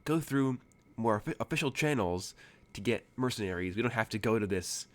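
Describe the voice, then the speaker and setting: A man's voice: fairly low pitch, expressive, a little fast, fairly bright tone, pitched above the performer's own voice. A man voicing a nervous, fussy male talent agent who pleads and frets in a tabletop game. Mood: pleading. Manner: pleading, fretful.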